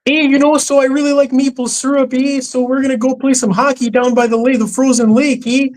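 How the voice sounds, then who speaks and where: A man's voice: very high-pitched, level tone, darkish tone, voice pushed up, poor audio. A man putting on a cheery stereotypical Canadian man, singsong and tagging 'eh' onto his lines. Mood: playful. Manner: drawn-out singsong with repeated 'eh'.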